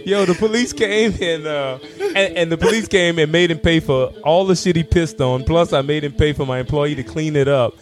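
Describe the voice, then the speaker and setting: A shop owner tells wild stories from his store, his voice sitting a little high for a man. He talks in bursts, restarting and repeating himself as he goes. Faint music plays underneath. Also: normal speed, few pauses. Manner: animated anecdotes with repeated restarts. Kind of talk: casual storytelling.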